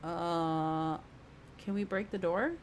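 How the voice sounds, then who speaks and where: Lower-pitched woman chatting through gameplay. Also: steady tone, takes it slowly, a little hiss or hum, poor audio. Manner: chatty, thinking aloud with fillers. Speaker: gameplay streamer. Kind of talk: casual let's-play commentary.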